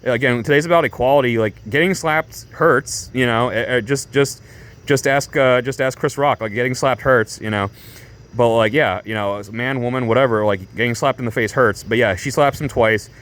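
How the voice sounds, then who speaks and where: A man of medium pitch tells a story to camera in a loose, rambling vlog style. He leans hard on fillers and restarts and stays animated throughout. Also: normal speed. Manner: animated, breaks into laughs. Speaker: vlogger.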